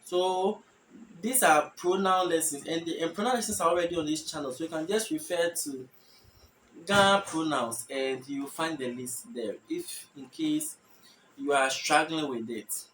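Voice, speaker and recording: A man teaching a language lesson, explaining patiently and repeating example phrases slowly with stressed tones. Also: on the high side, lively intonation, fairly bright tone, roomy sound, recorded from a distance, a little hiss or hum, poor audio.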